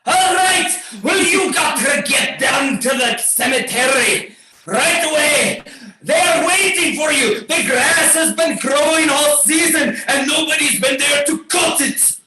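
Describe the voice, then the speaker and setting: A man improvising a bossy lawn-care boss who shouts his orders. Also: extremely high pitch, unhurried, faint music behind, heavily acted. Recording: roomy, far from mic.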